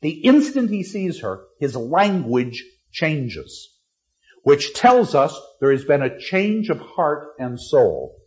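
A middle-aged man teaching literature, lecturing with lively, dramatic delivery and acting out lines of verse. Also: on the high side, slow, lo-fi sound. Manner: animated, acts out lines dramatically.

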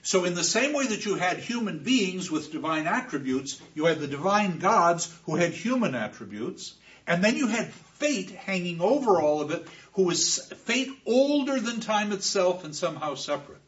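Expressive high-voiced male lecturer. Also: moderate pace, distant mic, highs cut off. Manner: expressive, with emphatic repetitions. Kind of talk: classroom lecture.

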